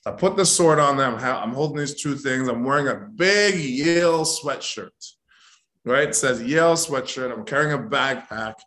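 A man, an actor, telling a story in a casual interview, animated and acting out the voices of the people in it. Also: mid-range voice. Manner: animated, acts out quoted voices.

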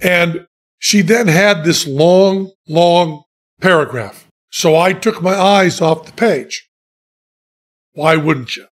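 A man spins a long, self-mocking anecdote in relaxed conversation. His voice sits high for a man and he takes his time, with dry, deadpan timing and his own laughter breaking in. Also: slow. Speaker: podcast guest telling stories. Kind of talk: casual storytelling chat.

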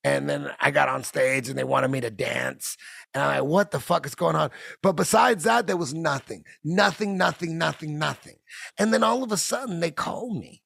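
A man's voice: a little high, moderate pace, vocal fry, breathy edge, no echo, clean studio sound. A man hosting a podcast, telling a casual comedic story full of swearing and acting out the voices of the people in it. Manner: profane, animated storyteller who acts out the voices of others. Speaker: podcast host.

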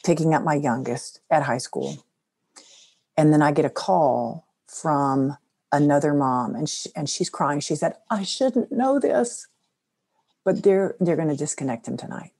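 A middle-aged woman with a low, deep-set voice tells a personal story in an interview. She is earnest and soft-spoken, and her voice drops quietly at the serious parts. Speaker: guest.

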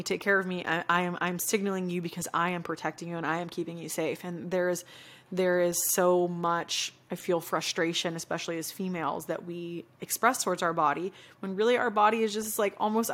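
A young adult woman talks to her listeners on a solo podcast, sincere and reflective. Her voice sits a little low for a woman, and she fills her sentences with relaxed "you know"s and "like"s. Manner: earnest and reflective, many fillers like "you know". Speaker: podcast host. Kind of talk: casual solo podcast talk.

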